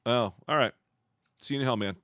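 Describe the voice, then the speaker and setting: A man's voice: mid-range voice, brisk, smooth, no echo. A man co-hosting a comedy podcast, telling stories in a casual chat and acting out the lines. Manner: animated storytelling, acts out lines.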